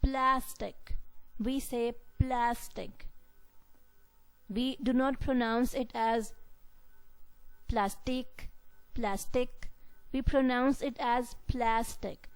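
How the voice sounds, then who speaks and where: Woman lecturer, kinda high voice, talks slow, repeats herself a lot, fixes her own slips. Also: darkish tone, clean tone, soft background music, rough recording. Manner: slow, repetitive explaining with frequent self-corrections. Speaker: English lecturer. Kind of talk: recorded university lecture.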